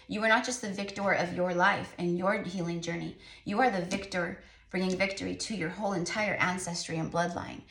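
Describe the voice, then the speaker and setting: A woman's voice: on the low side, fairly even intonation, brisk, gravelly, few pauses, fairly bright tone. A woman giving a spiritual tarot reading to her viewers in an earnest, chatty, encouraging way, repeating her points. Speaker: tarot reader and psychic medium. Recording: echoey room, voice off-mic.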